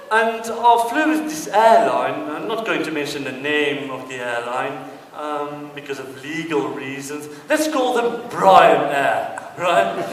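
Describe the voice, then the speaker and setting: Male stand-up comic from Britain, high voice, slow delivery, heard from far off in a reverberant hall. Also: a bit bright, slight background noise. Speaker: stand-up comedian. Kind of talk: stand-up comedy monologue on stage. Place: theatre stage before an audience. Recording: distant, echoey hall with long reverb.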